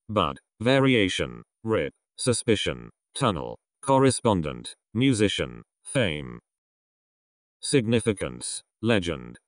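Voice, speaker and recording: A man reading a vocabulary list aloud, one word at a time in a slow, measured way. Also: deep voice, no room sound, studio quality. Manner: slow, measured reading of single words with pauses.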